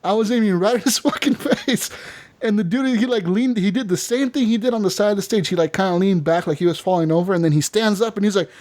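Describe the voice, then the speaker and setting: Animated, profane podcast host. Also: male voice, high-pitched, fast talker. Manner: animated, profane, lots of fillers. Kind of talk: casual chat, storytelling.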